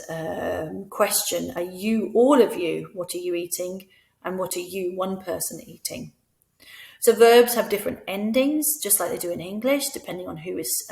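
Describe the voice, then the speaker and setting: A woman talks teachers through a French lesson in a patient, instructional voice-over. She sounds out the French words slowly and clearly, and her voice carries a noticeable room echo. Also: fairly low pitch. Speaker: teacher trainer.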